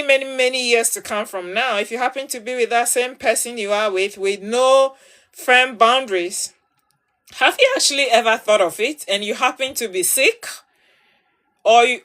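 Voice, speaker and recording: Speaking directly to her followers, a livestream host with a high, bright voice gives advice in an emphatic, preachy lecture. She drives her points home by repeating words.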